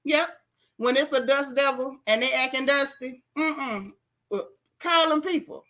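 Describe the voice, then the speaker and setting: A woman hosting a casual chat stream, reading viewer comments aloud and reacting with sassy, animated commentary. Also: sits high, a little slow. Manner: animated, sassy, reads chat aloud with jokes and put-on voices. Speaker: host reading live chat.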